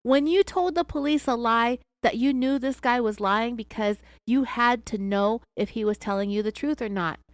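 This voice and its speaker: A woman's voice: on the high side, normal speed, few pauses, smooth, dry recording, close to an everyday voice. A woman voicing a male federal agent who pushes hard in an interrogation. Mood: insistent. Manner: insistent, pressing, raised voice.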